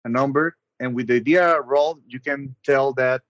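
A man narrating as game master of a tabletop game over an online call, measured and hesitant, with frequent ums. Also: medium pitch, a bit bright, dry recording, muffled recording.

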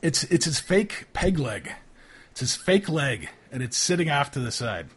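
A man narrating as game master for a tabletop game, halting with many fillers. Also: on the high side, sing-song, husky.

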